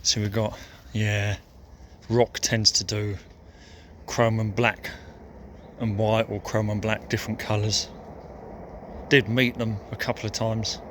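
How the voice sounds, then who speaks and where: A man with a lowish voice talks his way slowly through a walk by a lake, musing aloud and pausing to think. He sounds a little sore. Faint outdoor noise sits behind him. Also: little pitch movement, a bit bright. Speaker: vlogger. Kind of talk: casual walking commentary.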